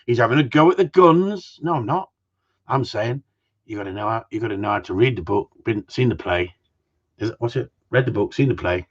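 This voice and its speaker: A man's voice: lowish voice, a little fast, slightly rough, highs cut off. A middle-aged man who trains gundogs, hosting a casual live-stream Q&A and ranting bluntly, swearing freely as he rambles through his opinions. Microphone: live-stream mic.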